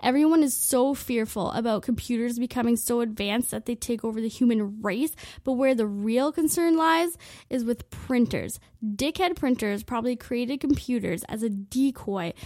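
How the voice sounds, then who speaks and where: A young woman in her twenties rants in a crude, rambling comic monologue, swearing freely and leaning on filler words. Her voice sits a little high. The sound is dry and close, with no room around it. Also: normal speed, mellow, no room sound. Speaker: vlogger. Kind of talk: comedic rant monologue.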